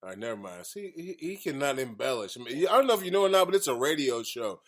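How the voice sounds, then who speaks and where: A man's voice: medium pitch, very animated, fast. A man hosting a casual radio talk show, boisterous and joking, repeating his phrases as he introduces guests.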